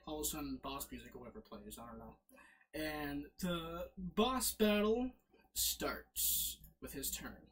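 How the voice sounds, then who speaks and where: A man's voice: on the high side, moderate pace. A man casually narrating as game master, fumbling with his setup and correcting himself as he goes. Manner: lively, fumbling with slides, self-correcting.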